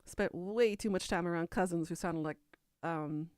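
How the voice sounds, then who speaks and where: A woman's voice: lowish voice, moderate pace, darkish tone, smooth, dry recording, clean studio sound. A woman from Kentucky with a Southern US accent, chatting casually as a podcast host and answering viewer comments in a rambling way. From Kentucky, USA. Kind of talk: casual chat.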